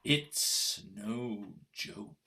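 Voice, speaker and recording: Older actor as a sneering husband on a video-call stage play, bright tense voice, slow delivery. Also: male voice, fairly low pitch, exaggerated voice. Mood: scornful. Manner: taunting, mocking, coldly deliberate. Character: scornful middle-aged husband baiting his wife. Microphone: computer mic on a video call.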